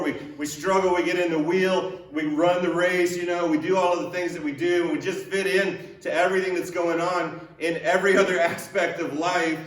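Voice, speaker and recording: A man's voice: sits high, steady tone, moderate pace, few pauses. A male pastor giving a sermon in a conversational way, using repeated rhetorical questions and light joking. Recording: echoey room, voice picked up from a distance.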